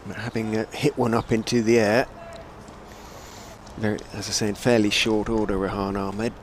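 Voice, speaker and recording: A man giving live ball-by-ball cricket commentary, measured and telling stories between deliveries. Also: on the low side, flat delivery, a little hiss or hum.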